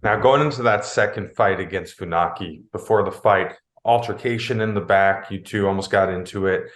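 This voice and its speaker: A male interviewer asking measured, prepared questions. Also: sits low, fairly bright tone. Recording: echoey room.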